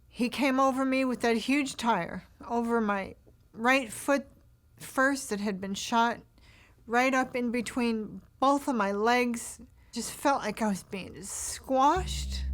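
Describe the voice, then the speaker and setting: A woman giving documentary testimony about surviving an attack, retelling it slowly and emotionally and voicing her own cries for help. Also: fairly high pitch. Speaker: survivor telling her story.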